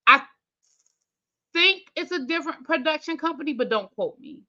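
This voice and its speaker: A woman hosts a TV review channel, recapping an episode in loose, chatty talk. She thinks aloud and speaks straight to her viewers, in a bright, forward voice. The sound is dull and lo-fi. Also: high-pitched, expressive, normal speed. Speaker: TV review host. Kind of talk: casual recap chat.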